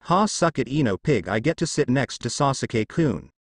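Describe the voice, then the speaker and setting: A man voicing a loud, shrill, bossy young girl in a fan-made audio story. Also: lively intonation, moderate pace, dry recording, clean studio sound, close to an everyday voice. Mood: gloating. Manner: shrill, yelling.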